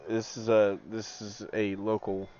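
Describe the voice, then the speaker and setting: A sleepy, yawning man streaming a game, mostly mumbling quietly to himself as he plays, with sudden loud laughing bursts. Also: lowish voice, level tone, unhurried, clean tone. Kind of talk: casual gameplay commentary. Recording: dull lo-fi stream audio, faint noise.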